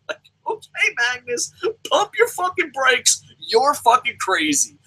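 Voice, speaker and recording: A man's voice: extremely high pitch, expressive, measured pace, creaky, bright, forceful tone, breathy edge, poor audio. A young adult man ranting through a profane wrestling review, swearing nonstop and mocking the people he talks about. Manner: swears constantly, rants, mimics people mockingly.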